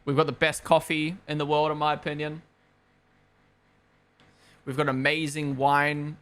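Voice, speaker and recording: His voice is on the high side, fairly bright and clean, delivered in a level tone at an unhurried pace. The young man, from Australia or New Zealand, hosts a race watchalong stream, talking casually into a gaming headset, rambling, opinionated and swearing freely.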